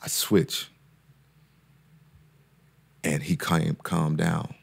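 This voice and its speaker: Man, very deep voice, gravelly, therapist on a podcast, earnest, preachy build-ups, repeats and restarts. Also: flat delivery, drawn-out words. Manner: earnest, preacher-like cadence that rises when making a point; repeats words and restarts often. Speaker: therapist and guest speaker. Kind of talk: casual podcast conversation.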